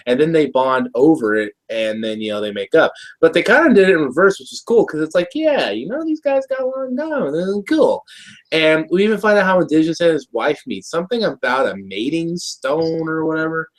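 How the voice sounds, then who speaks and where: A man's voice: a little high, expressive, brisk. A man co-hosting a casual review show, recapping an episode in a rambling way with lots of restarts and laughs. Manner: rambling, many restarts, laughs while talking. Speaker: show co-host.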